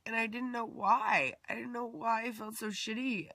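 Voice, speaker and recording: A woman's voice: on the high side, fairly even intonation, normal speed, bright, forceful tone, no echo. A woman vlogger talking about a dream in a rambling, heartfelt way, full of fillers, sometimes dropping to a near whisper. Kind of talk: personal confessional vlog.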